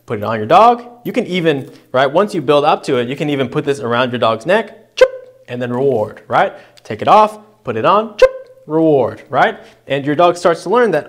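A man's voice: fairly high pitch, big pitch swings, normal speed. A young adult man, a dog trainer, explaining and demonstrating collar training step by step, checking in with frequent "right?" tags. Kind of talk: instructional demo.

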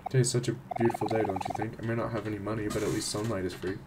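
A man's voice: fairly low pitch, little pitch movement, rapid-fire, lightly acted. A cheerful old hobo, as a man puts him on. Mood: content. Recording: loud background noise.

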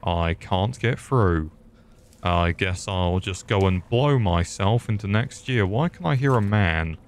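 A man's voice: deep voice, unhurried. A young man doing comedic let's play commentary, sarcastic and swearing, cracking jokes at the game's characters. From England. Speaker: gaming youtuber.

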